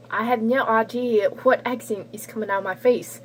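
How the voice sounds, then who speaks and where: A woman's voice: on the high side, steady tone, moderate pace, hardly any pauses, a little hiss or hum, poor audio. A woman making casual, giggly, self-mocking asides while reading a visual novel on her channel. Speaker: gaming YouTuber.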